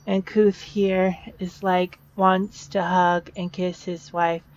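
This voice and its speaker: Low-voiced woman narrating casually. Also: level tone, slow pace, a little mellow, muffled recording. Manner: casual, explanatory, with fillers. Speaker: video narrator. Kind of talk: casual narration of a game story.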